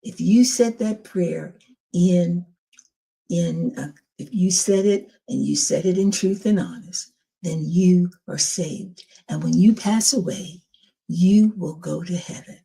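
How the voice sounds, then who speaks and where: An older woman tells her own testimony slowly and earnestly, acting out what others said along the way. Her voice is husky and mellow, a little low for a woman. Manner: earnest, slow storytelling with acted quotes. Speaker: podcast host telling her own story. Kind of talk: personal testimony.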